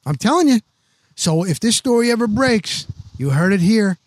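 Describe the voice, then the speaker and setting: Older man, sixties, veteran sports reporter, slightly high voice, dry close mic, animated podcast storytelling. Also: dry recording. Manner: animated, rapid-fire, peppered with "boom" and "blah, blah, blah".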